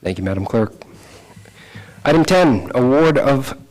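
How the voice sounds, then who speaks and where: A man serving as mayor, chairing a council meeting with brisk procedural phrasing and a bit of humor. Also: mid-range voice, a little mellow. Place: council chamber.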